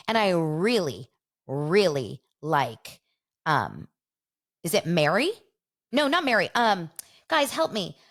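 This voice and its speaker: A woman hosting a casual show, rambling through gossipy commentary and laughing often. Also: low voice. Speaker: host.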